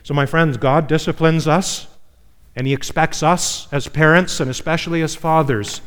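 A man's voice: a little high, steady tone, moderate pace, a bit bright, clean tone. A man preaching a sermon as a pastor, in a conversational style, often turning to the listeners with "my friends" and "okay?". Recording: long hall reverb.

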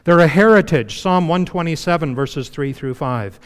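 A man preaching a sermon in a relaxed, conversational way, full of "you know"s and dropping to a hushed voice to stress a point. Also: on the high side, normal speed, smooth, long reverb tail. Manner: conversational preaching with frequent you-knows, dropping to a hush for emphasis. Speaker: pastor.

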